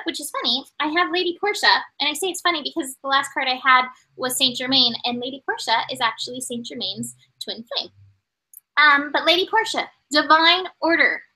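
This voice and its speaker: High-voiced earnest woman oracle reader. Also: sharp tone, poor audio. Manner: earnest, repetitive, reflective. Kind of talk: casual spiritual reading.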